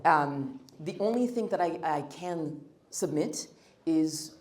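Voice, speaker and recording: A woman's voice: deep voice, lively intonation, slow, darkish tone. A woman giving a blunt, emphatic workshop talk on first impressions, with joking asides to the audience. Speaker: guest speaker on first impressions. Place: meeting room. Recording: roomy room echo.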